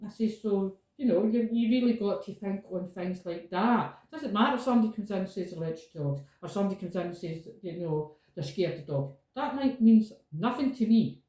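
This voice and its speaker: A woman's voice: medium pitch, lively intonation, brisk, hardly any pauses, warm tone, recorded from a distance. A woman in casual chat as a podcast host, stating her points firmly and repeating them for emphasis. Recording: echoey room, voice from off the mic.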